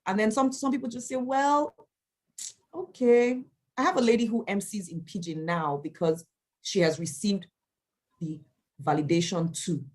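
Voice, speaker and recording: A woman, an event MC answering questions in a motivational talk, emphatic and animated as she tells stories. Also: fairly low pitch, normal speed. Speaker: event MC and speaker.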